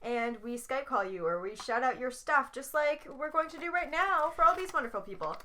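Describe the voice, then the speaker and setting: Young woman, podcast co-host, bright voice, slightly high, chatty, joking, casual chat. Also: expressive. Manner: chatty, joking, quick to laugh. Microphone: studio mic.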